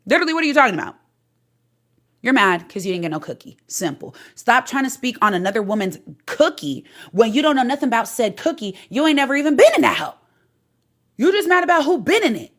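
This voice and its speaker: A woman vlogger delivering an opinion callout rant in a sassy, profane, animated way. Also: high voice, a little fast.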